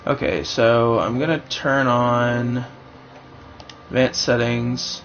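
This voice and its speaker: A young man streaming a game live and rambling aloud as he works out what to do, with many pauses and restarts. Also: mid-range voice, steady tone, a bit bright, lo-fi sound, slight background noise. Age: young adult. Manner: thinking aloud, rambling and hesitant. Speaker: livestreamer playing a game. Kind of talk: live gameplay commentary.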